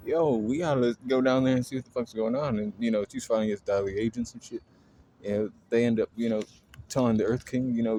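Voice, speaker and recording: A man's voice: mid-range voice, fairly even intonation, fairly quick, mellow, slight background noise. A man casually retelling a story in a loose, rambling way, full of fillers and swearing.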